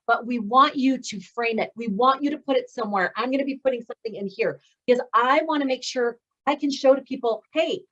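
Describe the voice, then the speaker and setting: A woman with a fairly high voice leads a graduation call for her speaking students, gushing with encouragement and praise. The audio comes through slightly muffled and lo-fi, like a video call. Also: a little fast, few pauses, a bit bright. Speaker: speaking coach and course host.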